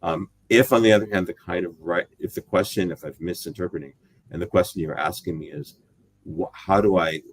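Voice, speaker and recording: A man's voice: deep voice, steady tone, a little fast, breathy edge, dry recording. A middle-aged man from the United States, talking as an interview guest in a rambling, thoughtful way that often corrects itself. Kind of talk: casual interview talk.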